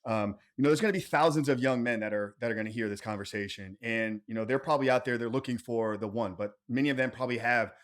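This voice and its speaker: This male host talks quickly and with enthusiasm. He praises his guest warmly and then moves straight to his next interview question. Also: mid-range voice. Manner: warm, enthusiastic, affirming. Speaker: podcast host and coach. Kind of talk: interview podcast.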